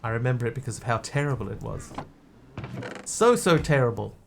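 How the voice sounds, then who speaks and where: A man's voice: medium pitch, big pitch swings, brisk, creaky, slight background noise. A man streaming a game, chatting casually in a rambling, wry way. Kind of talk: casual gameplay chat.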